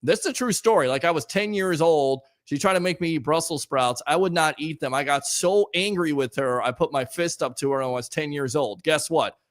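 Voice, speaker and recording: A man in his forties hosting a sports talk show, telling stories loudly and playfully. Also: a little high, brisk, hardly any pauses, dry recording. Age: 40s. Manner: animated storyteller, loud and playful. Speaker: host.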